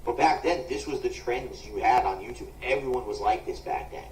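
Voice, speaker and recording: A man's voice: mid-range voice, brisk, a little mellow. Distant echoey streamer man asking for money. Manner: pleading for donations, complaining. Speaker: live streamer. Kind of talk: casual stream chat. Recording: distant, echoey clip with faint hiss.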